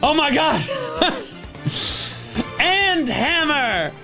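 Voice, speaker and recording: A woman streamer commentating her gameplay casually, dropping to low mutters and jumping to high excited yelps. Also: drawn-out words, gravelly, music in the background. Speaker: game streamer.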